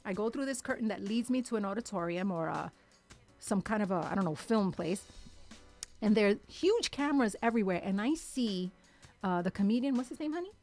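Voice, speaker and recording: A woman telling a lively story as a radio show guest, acting out the people in it. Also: medium pitch, a little fast, soft background music. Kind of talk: animated storytelling in casual chat. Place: radio studio.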